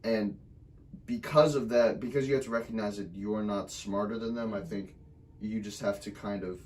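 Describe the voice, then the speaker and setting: A man's voice: fairly low pitch, normal speed. A young college-age man speaks as a guest on a podcast. He is easygoing and leans on filler words as he talks. His voice sounds a little distant from the mic. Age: young adult. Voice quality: relaxed, frequent "like" fillers. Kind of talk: casual podcast interview.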